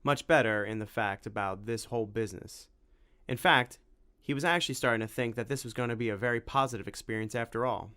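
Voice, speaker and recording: A man reading an audiobook aloud, narrating with wry, lively storytelling. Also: medium pitch, brisk, clean tone.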